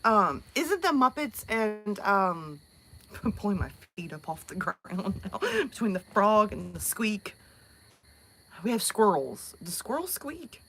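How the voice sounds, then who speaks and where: A woman's voice: mid-range voice, big pitch swings, slow pace, fairly bright tone. A woman from the American South with a Southern accent, chatting casually on a live stream, rambling and laughing with plenty of fillers. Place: outdoors at night.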